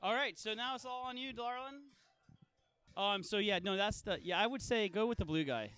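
A man with a high, smooth voice hosts a relaxed gaming chat. He talks in a loose, rambling way and laughs often. The sound is close and dry, with very little room in it. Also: moderate pace, no echo. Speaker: host. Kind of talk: casual chat.

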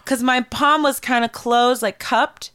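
A woman in her thirties with a high, bright voice tells a story in casual chat. She plays out the people in it as she goes. Her voice sits high and sounds clear and bright. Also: a little slow. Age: 30s. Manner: animated storyteller, acts out quoted voices. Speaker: podcast co-host.

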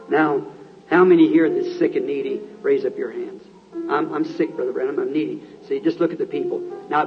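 A man's voice: on the high side, highs cut off. A man preaching at a healing service, earnestly calling out to people in the congregation. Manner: earnest, calls out to people in the crowd.

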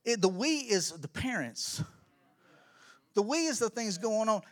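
A middle-aged man giving an energetic, preacherly church talk as a children's ministry pastor, rising to emphatic shouts. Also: high voice, unhurried.

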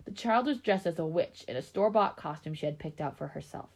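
A woman reading a story aloud in a relaxed way, breaking off now and then for chatty asides. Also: fairly low pitch, a little fast.

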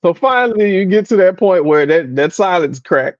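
A man's voice: sits high, lively intonation, moderate pace, no room sound, lo-fi sound. A man co-hosting a casual podcast chat, telling stories animatedly, doing impressions of his relatives and laughing often. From American South. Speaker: podcast co-host.

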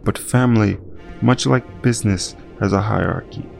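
A man voices a smug crime boss who talks down to everyone in a low, gravelly tone and issues cold, menacing orders. The reading is measured and unhurried, with a sadistic, condescending edge throughout. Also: darkish tone, soft background music. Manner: sadistic chuckling, cold commands.

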